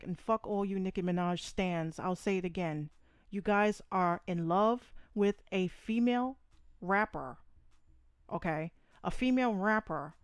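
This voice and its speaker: A woman's voice: mid-range voice, darkish tone, clear, resonant tone, dry recording. Woman podcast host, brash and profane, hammers her points home; dry, close mic. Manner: blunt, profane, emphatic, repeats points. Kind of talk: opinionated live podcast rant.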